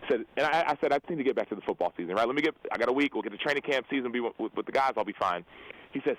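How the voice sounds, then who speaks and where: A young man and football player telling a personal story in an interview, earnest and animated, acting out the dialogue he quotes. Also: on the low side, very fast, poor audio. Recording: radio show broadcast audio.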